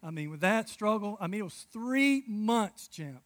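A man in his thirties preaching a sermon, telling stories with big swings from hushed asides to loud outbursts. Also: high voice, animated, normal speed, no echo. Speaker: pastor.

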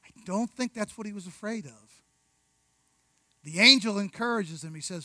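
A man preaching a sermon, conversational, with rhetorical questions, asides and slow, deliberate emphasis on key words. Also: high voice, pushed and bright, no room sound, low-quality recording. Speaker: pastor.

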